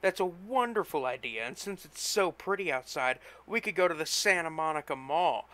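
A man reading a story, voicing a soft-spoken, cheerful young woman who is the hero's girlfriend. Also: on the high side, animated, moderate pace, pitched above the performer's own voice.

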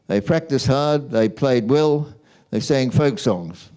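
Slow, mellow-voiced priest giving a homily. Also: male voice, medium pitch, clean tone. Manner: slow, measured storytelling delivery. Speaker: Catholic priest.

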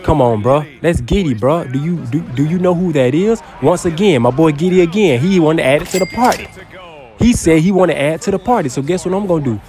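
A young man giving casual, excitable gameplay commentary, trash-talking and breaking into loud yells. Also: on the high side, fairly quick, faint music behind. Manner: excitable trash talk, bursts into yelling. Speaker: gaming YouTuber.

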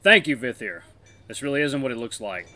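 A man's voice: mid-range voice, lively intonation, fairly quick, pushed and bright, no echo. A man voicing a young male black wolf butcher who speaks firmly and in short, clipped lines.

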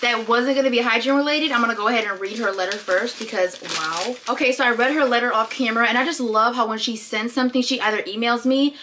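A young woman vlogging an unboxing in a casual, gushing, excitable way, filling her talk with "like". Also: fairly high pitch, fast, few pauses, background noise. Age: young adult. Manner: gushing, excitable, says "like" often.

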